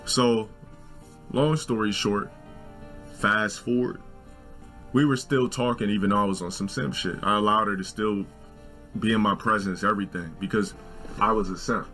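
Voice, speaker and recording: A man's voice: moderate pace, pauses often, faint music behind. Profane storytelling man in his forties. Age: 40s. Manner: animated, profane, jumps into shrill quoted voices. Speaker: storyteller in a video.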